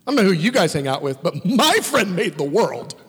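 A man preaching a sermon as a pastor, animated and emphatic, swinging between exclamations and quiet asides. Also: sits high, brisk, husky, in a large hall.

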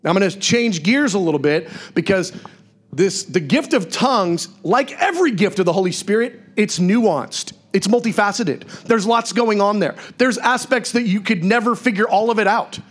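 A male pastor giving a sermon in a church, preaching in a conversational, animated way with frequent asides to the congregation. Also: high voice, normal speed.

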